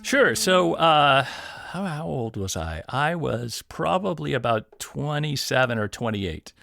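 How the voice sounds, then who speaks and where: A middle-aged man, a guest audio producer, telling stories in a casual, animated interview. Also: mid-range voice, slow, gravelly, no room sound, soft background music. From Detroit area, USA. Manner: animated storyteller, laughs easily.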